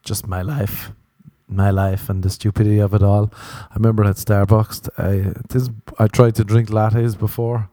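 Swearing Irish man with a dark voice. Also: on the low side, level tone, moderate pace, dry recording, clean studio sound. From Ireland. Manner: rambling, profane, self-mocking. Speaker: podcast host. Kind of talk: casual comedic monologue.

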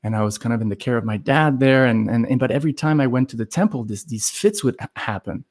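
A man from Los Angeles, a podcast guest telling a personal story in a lively conversational way, full of "like" and "you know" fillers and acted-out quotes. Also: mid-range voice, fast talker. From Los Angeles, USA. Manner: animated, acts out quoted voices, heavy "like" and "you know" fillers.

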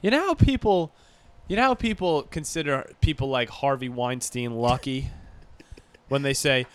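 A man's voice: mid-range voice, animated, unhurried, clean tone, dry recording. A man co-hosting a podcast in casual chat, joking and profane, sometimes slipping into mock motivational speeches. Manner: joking, profane, swings into mock pep talks. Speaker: podcast co-host.

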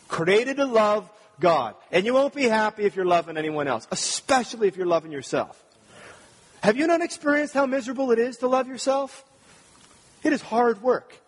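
Earnest preacher guy, high-pitched and a bit husky, keeps asking the congregation questions. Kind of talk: sermon. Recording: long reverb of a large hall.

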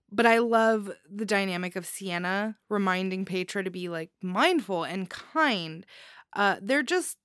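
A woman's voice: mid-range voice, fairly bright tone, clean tone, no room sound, clean studio sound. A young woman hosting a story show, chatting about each story with giddy enthusiasm, laughing often and using lots of fillers. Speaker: host reviewing listener-submitted stories. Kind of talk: casual commentary on stories.

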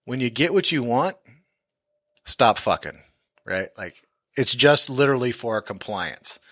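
A man's voice: medium pitch, expressive, unhurried, fairly bright tone, dry recording, studio quality. Blunt, profane man telling a story. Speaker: real estate investor. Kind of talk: casual podcast storytelling.

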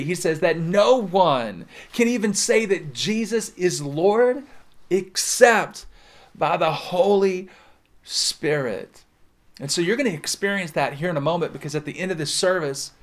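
High-voiced preacher with dramatic swings. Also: male voice. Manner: dynamic preaching, swings between loud emphasis and soft drawn-out words. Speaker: pastor. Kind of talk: sermon.

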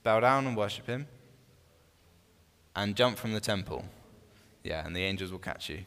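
Leading a small Bible study, a man speaks at a normal speed in a clean, somewhat low voice. He keeps things relaxed, often restarting his phrases and questioning his listeners, while the room adds long reverb.

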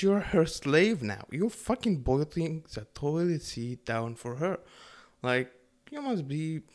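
Young Middle Eastern-born man, mid-pitched, profane sarcastic rant straight to the audience. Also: darkish tone. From Middle East. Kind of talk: casual rant to camera.

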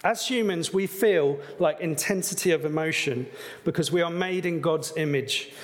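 Earnest preacher with a higher voice. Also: male voice, moderate pace, big-room sound. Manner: earnest, conversational, with fillers. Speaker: pastor. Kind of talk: sermon.

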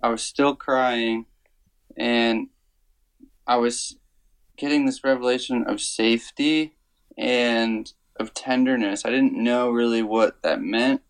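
Slow, earnest man telling a personal story. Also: mid-range voice, fairly even intonation, clean tone, poor audio. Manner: slow, earnest, searching, many fillers. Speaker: worship songwriter guest. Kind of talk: reflective interview storytelling.

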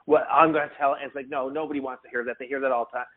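A man from Newfoundland telling a lively story in casual chat, acting out the lines of the people in it. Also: mid-range voice, rapid-fire. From Newfoundland, Canada. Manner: animated anecdote teller who acts out quotes. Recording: phone-like narrow audio.

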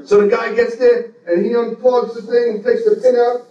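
On a stage before a laughing crowd, a man in his forties tells a loose, profane comic story in a laid-back street style. His voice is very high, his delivery flat and his pace normal. The muffled, echoey audio comes from a distant mic.

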